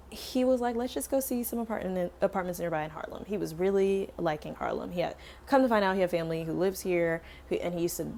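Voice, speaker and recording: A woman's voice: lowish voice, creaky, a little hiss or hum. A young woman chatting through a casual storytime while doing her hair, acting out every voice in the story. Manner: animated storytelling, acts out both sides of dialogue. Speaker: beauty vlogger.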